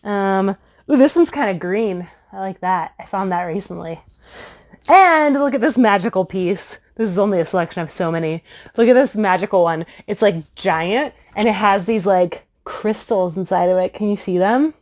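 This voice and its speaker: A young woman hosts a science lesson for children in a bubbly, chatty way. She sounds playful and easygoing, with a voice of ordinary middle pitch. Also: normal speed. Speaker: science show host.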